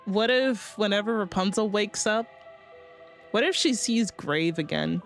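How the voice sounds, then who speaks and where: A female streamer reads a game's story aloud while chatting casually, rambling with plenty of fillers, swearing, and bursting out excitedly. Her voice is mid-range and measured, with soft music playing behind her.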